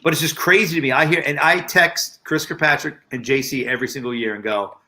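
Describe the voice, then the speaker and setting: A man's voice: medium pitch, fast talker, pushed and bright. A man in his forties hosting a casual group chat, telling stories animatedly and laughing often. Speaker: podcast host.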